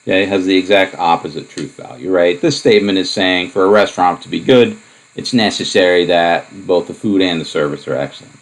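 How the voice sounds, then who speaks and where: A man with a low, deep voice working through a math lecture, casual and explanatory. He talks his way through each step with frequent asides and fillers, as if thinking aloud at the board. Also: fairly quick, rough recording. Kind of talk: recorded lecture.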